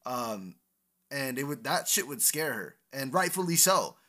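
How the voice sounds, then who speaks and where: A young man co-hosting a casual podcast, talking candidly and profanely with animated storytelling. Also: medium pitch, measured pace. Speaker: podcast co-host.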